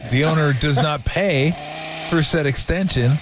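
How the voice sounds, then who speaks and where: A man's voice: fairly high pitch, background noise. A man hosting a sports radio show, chatting casually and laughing often. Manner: laughs often, drawn-out asides.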